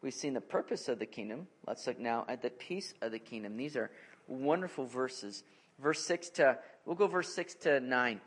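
A man's voice: mid-range voice, normal speed, slightly rough. A man in his thirties preaching an expository sermon in an earnest, conversational way, with family stories as asides. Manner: earnest, animated in anecdotes. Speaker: pastor.

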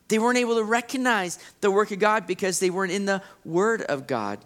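A man with a high voice preaches a sermon. He talks in an animated way and acts out the people he quotes. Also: a little fast, few pauses. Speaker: pastor.

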